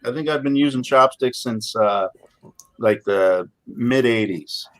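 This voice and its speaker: A man's voice: mid-range voice, measured pace, a bit bright, dry recording. A man hosting a casual livestream chat on a video call, reading viewer comments aloud between bites of food. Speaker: host.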